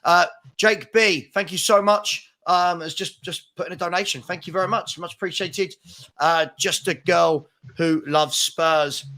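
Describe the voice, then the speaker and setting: A high, bright-toned man hosts a casual live stream, his voice cutting through sharply. He talks in quick, exasperated bursts, throwing in mock-outraged asides. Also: steady tone. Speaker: host of a live fan chat show.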